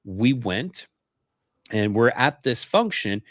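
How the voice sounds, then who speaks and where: A man from Canada speaks as a podcast guest, telling a long personal story in an earnest, casual way and voicing the people in it as he goes. His pitch sits in an ordinary middle range for a man. The sound is dry and close, with almost no room echo. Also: very animated, slow pace, fairly bright tone. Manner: earnest storyteller who acts out remembered dialogue.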